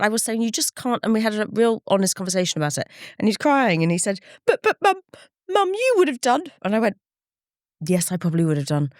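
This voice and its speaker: A middle-aged woman, a campaigner appearing as a guest, recounts painful memories in a candid interview, her slightly low voice earnest and reflective. She frequently shifts into quoted speech while recalling conversations, and the recording is close and dry, without any room sound or echo.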